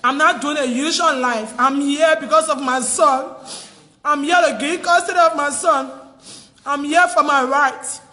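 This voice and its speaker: High, piercing crying Liberian woman. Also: fairly even intonation, unhurried, bright, forceful tone, big-room sound. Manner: pleading, insistent, repetitive. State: crying, distressed. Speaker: livestreamer. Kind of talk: emotional livestream plea. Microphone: phone.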